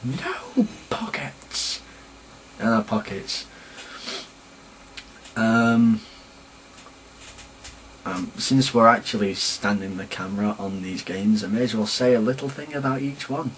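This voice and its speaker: A man's voice: lowish voice, a little slow, pauses often, a little hiss or hum, rough recording. A young man from Sheffield with a Sheffield English accent, rambling and chatty as he rants casually to camera in a vlog. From England. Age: young adult. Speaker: vlogger.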